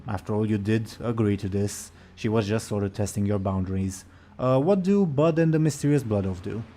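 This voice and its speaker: A man's voice: lowish voice, brisk, warm tone. A man narrating a tabletop game as game master, with a loose manner and occasional fillers.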